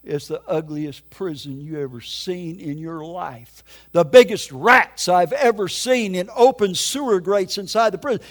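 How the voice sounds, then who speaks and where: A man's voice: sits high, unhurried. An older man preaching his testimony in an emphatic, folksy storytelling way. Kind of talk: sermon testimony.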